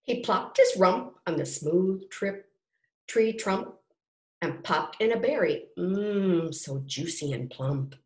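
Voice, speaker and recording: A woman reading a rhyming picture book aloud to children, with gentle asides to her listeners. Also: on the low side, slow. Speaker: storybook reader. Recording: roomy echo.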